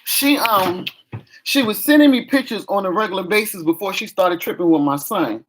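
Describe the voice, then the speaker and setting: A woman's voice: mid-range voice, normal speed. A middle-aged woman, venting frankly in a casual vlog chat. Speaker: vlogger.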